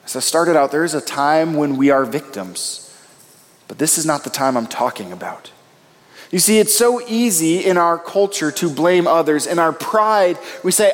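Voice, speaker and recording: High-voiced preacher in a reverberant hall. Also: male voice, animated, normal speed. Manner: emphatic, rising and falling delivery. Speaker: pastor. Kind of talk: sermon.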